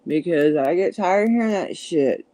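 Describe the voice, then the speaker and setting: A woman's voice: lowish voice, lively intonation, normal speed, dark tone, no room sound. Southern country woman, dry close sound. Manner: nervous, stumbling over words. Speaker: livestream host. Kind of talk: casual livestream chat. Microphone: phone.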